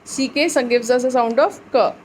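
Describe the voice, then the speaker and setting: A woman teacher leading a phonics lesson for young children, reading words aloud slowly in a sing-song way. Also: on the high side, a little hiss or hum, poor audio. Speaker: English teacher.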